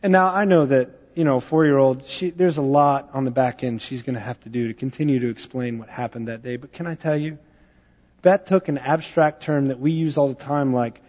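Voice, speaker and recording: A man's voice: medium pitch, steady tone, a little fast, darkish tone. Man preaching in a reverberant church. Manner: conversational storytelling with fillers. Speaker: pastor. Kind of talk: sermon. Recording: dull sound with long hall reverb.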